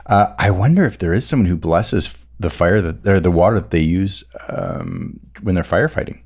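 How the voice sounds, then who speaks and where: A man's voice: low-pitched, moderate pace, darkish tone. A man co-hosting a podcast, bantering in a playful, jokey way. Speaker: podcast co-host. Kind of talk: casual chat.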